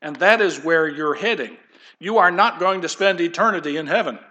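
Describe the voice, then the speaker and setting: A pastor preaching a sermon in an easygoing, conversational way, wandering into folksy asides. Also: male voice, a little high, brisk, pushed and bright, dull audio.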